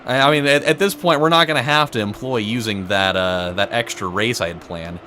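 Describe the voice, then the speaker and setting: A let's play host with a fairly low, sharp-toned voice talks fairly quickly over slight background noise. He casually comments on his racing game, rambling through a story packed with "like" and "you know."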